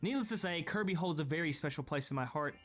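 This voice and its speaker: A young gaming video creator delivers scripted vlog commentary that is profane, sarcastic, and full of strong opinions. His voice is on the high side, fairly bright, animated, and fast, with faint music in the background.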